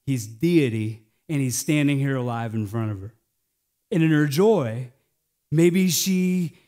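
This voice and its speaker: An American male pastor delivering a sermon, swinging between hushed, slowed phrases and loud, emphatic lines. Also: on the high side.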